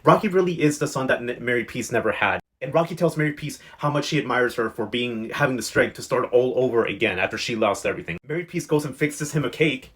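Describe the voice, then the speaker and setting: A man's voice: mid-range voice, fast talker, a bit bright. A young man giving a chatty, sassy, slang-filled recap of soap episodes. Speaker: recap vlogger.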